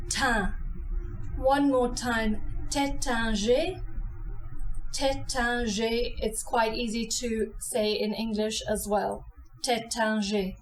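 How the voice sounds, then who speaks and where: Slow, deliberate woman teaching pronunciation. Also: a little high, slight background noise, poor audio. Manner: brisk and blunt about mispronunciations. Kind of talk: pronunciation lesson.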